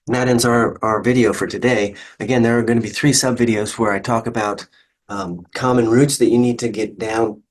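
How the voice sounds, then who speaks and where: A man's voice: medium pitch, steady tone, fairly quick, poor audio. A male instructor explaining terms patiently in a recorded online lecture. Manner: patient, explanatory, with fillers and restarts.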